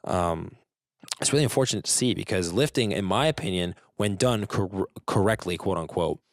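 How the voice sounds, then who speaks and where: A man's voice: sits low, moderate pace, no echo. Casual male podcast guest, storyteller who mimics people, dry close sound. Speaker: guest, jiu-jitsu competitor.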